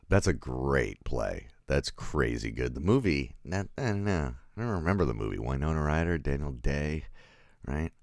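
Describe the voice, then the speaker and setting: A man with a strikingly deep, low voice talks through a film in a loose, rambling livestream, often chuckling as he answers viewers in the chat. His pitch swings around a lot as he talks. The sound is close and dry, with no room echo. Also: gravelly. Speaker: film reviewer. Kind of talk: casual livestream review.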